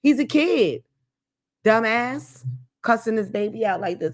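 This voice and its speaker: A woman's voice: on the high side, expressive, unhurried, pauses often. A woman hosting a podcast, telling a blunt, profane rant in a comedic monologue. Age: adult with grown children. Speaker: podcast host.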